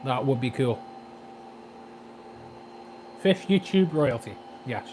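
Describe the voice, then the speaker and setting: A man in his twenties with a Scouse accent, chatting quickly and jokily on a livestream about his aquarium, reading out viewer comments. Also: medium pitch, animated, a little mellow, a little hiss or hum. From Liverpool, England. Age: 20s. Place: flat at home.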